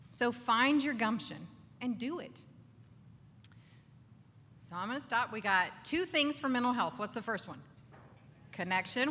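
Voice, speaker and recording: A woman giving an animated faith talk to a live audience in a bar, acting out inner voices and asking the crowd for agreement. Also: a little high, slight background noise. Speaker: speaker. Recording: distant voice with long reverb, faint ambience.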